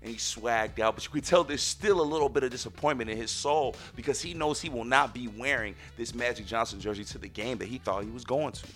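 A man in his thirties hosting a podcast, telling a story in a casual, animated way, dropping to quiet asides and rising to loud bursts. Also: medium pitch, fairly quick, few pauses, soft background music. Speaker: podcast host.

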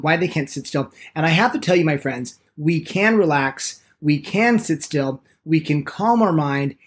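A man teaches a podcast lesson on meditation with enthusiasm, speeding up when he gets excited. His pitch is lively, and he acts out the excuses people make.

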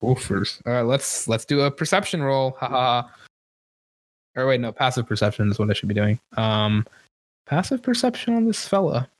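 A man narrating a tabletop game as game master, relaxed and rambling, with lots of fillers and quick laughs. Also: mid-range voice, no echo, clean studio sound.

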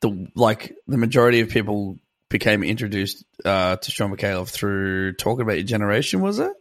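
A man's voice: lowish voice, lively intonation, brisk. An Australian man co-hosting a podcast, giving wry, opinionated takes in casual chat. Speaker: podcast co-host.

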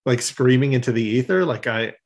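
A man's voice: mid-range voice, fairly quick, gravelly. A man co-hosting a podcast who jokes, swears freely and laughs often. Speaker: podcast co-host. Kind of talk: casual chat.

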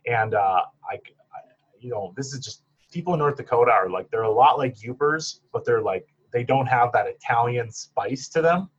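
This psychologist guest, a man from Michigan's Upper Peninsula, speaks at normal speed in a husky, medium-pitched voice. Telling stories in a casual interview, he's chatty, uses lots of fillers, and laughs at his own tales. The recording sounds dull and lo-fi.

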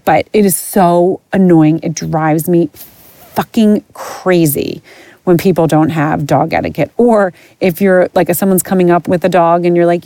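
A woman's voice: fairly low pitch, fairly even intonation, moderate pace, mellow, no room sound. A middle-aged woman hosting a podcast, ranting in a blunt, profane and exasperated way. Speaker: podcast host. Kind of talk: casual ranting monologue.

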